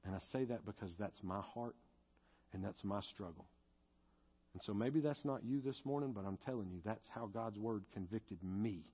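A man's lowish, husky voice preaches with earnest, confessional weight, then climbs into fervent pleading as he prays. The audio is dull and muffled. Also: moderate pace. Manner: earnest, confessional, rising to fervent pleas in prayer. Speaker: pastor. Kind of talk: sermon and closing prayer.

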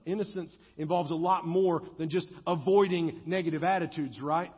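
A man's voice: high voice, moderate pace, few pauses, breathy edge. A male pastor preaching a sermon, his intensity rising and falling as he acts out the scripture quotes. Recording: dull audio with long hall reverb.

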